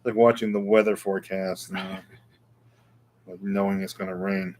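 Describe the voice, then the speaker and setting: A man's voice: sits low, flat delivery, a little slow, darkish tone, slight background noise. A middle-aged man, hosting a casual live guitar Q&A with rambling, self-deprecating chat. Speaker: guitar shop show host.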